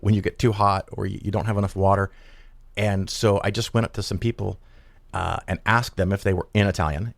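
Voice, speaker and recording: Midwestern male host, deep gravelly voice, dry close sound, loose rambling chat. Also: no room sound. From Chicago area, United States. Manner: rambling, with many fillers and restarts. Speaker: podcast host. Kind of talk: casual chat.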